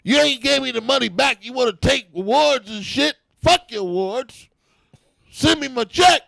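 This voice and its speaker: A furious older man, as a comedian puts him on, hurls profane scorn at his critics. The voice jumps well above the speaker's own, with a lively, swooping pitch and a gravelly edge. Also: moderate pace, dry recording, exaggerated voice.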